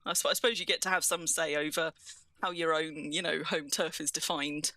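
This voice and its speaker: Bright chatty southern English woman. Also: low voice, fairly even intonation, fairly quick, no room sound. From southern England. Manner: chatty, self-mocking, rambling. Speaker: streamer, co-host. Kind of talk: casual gaming chat.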